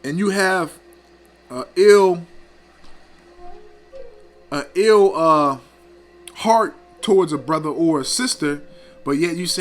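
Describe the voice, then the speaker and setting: A man's voice: fairly high pitch, measured pace, long pauses, soft background music. A man teaching scripture in a scolding, preachy way, often tagging lines with "man" and "okay". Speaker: teacher of a religious group.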